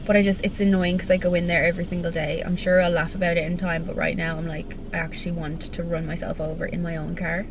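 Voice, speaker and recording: A woman's voice: lowish voice, noisy background. Chatty, self-mocking woman vlogger. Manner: chatty, self-deprecating, swears casually. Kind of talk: casual vlog chat.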